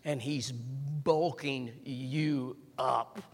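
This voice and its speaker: A man preaching a sermon, repeating phrases and building up to shouts, and calling on the congregation to respond. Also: medium pitch, fairly even intonation, drawn-out words. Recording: long hall reverb.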